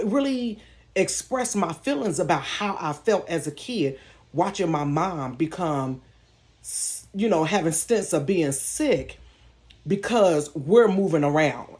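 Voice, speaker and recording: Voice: medium pitch, darkish tone. A vlogger telling a personal story casually and candidly from their bedroom, talking straight to viewers and laughing now and then. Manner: talks straight to viewers, calling them "y'all"; candid and emotional, with laughs in between. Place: own bedroom.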